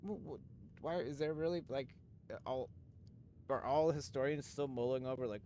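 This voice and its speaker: A man's voice: mid-range voice, normal speed, warm tone, slight background noise. Rambling, jokey male streamer. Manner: rambling, jokey, swears casually; talks to chat, many fillers and restarts. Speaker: livestreamer. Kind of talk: casual live-stream chat.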